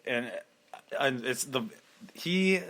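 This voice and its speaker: A man's voice: mid-range voice, extremely slow, fairly bright tone, slight background noise. A young man hosting a solo podcast, rambling crudely with lots of swearing and laughter, slipping into mocking impressions. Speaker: podcast host.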